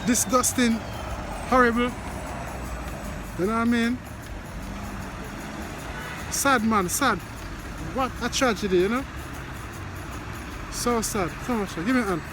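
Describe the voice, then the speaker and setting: A man's voice: very high-pitched, a little slow, long pauses, music in the background. A Jamaican man talking to his viewers in a rambling, casual commentary with lots of repeated greetings. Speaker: vlogger commenting on news.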